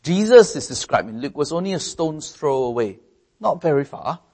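A man's voice: big pitch swings, moderate pace, darkish tone, slightly rough. A man preaching a sermon in an earnest way, often restarting and repeating words, lifting his voice for emphasis. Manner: earnest, rises in pitch and volume for emphasis.

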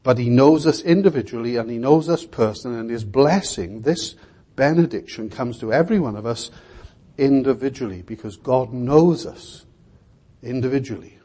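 A man's voice: mid-range voice, normal speed, warm tone, husky. An older man preaching a sermon in an earnest, emphatic way, repeating key words.

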